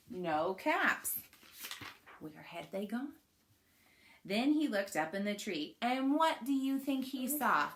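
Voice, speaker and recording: Reading a children's picture book aloud, a woman with a medium-pitched, fairly bright voice draws young listeners in. She encourages them to join the story through questions and actions.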